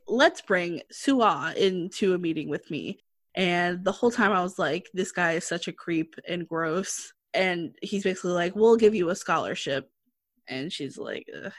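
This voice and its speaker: A woman's voice: lowish voice, unhurried, fairly bright tone, no echo, clean studio sound. A woman casually recapping a drama episode, chatty and laughing often as she quotes the characters. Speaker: podcast co-host recapping a drama. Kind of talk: casual chat.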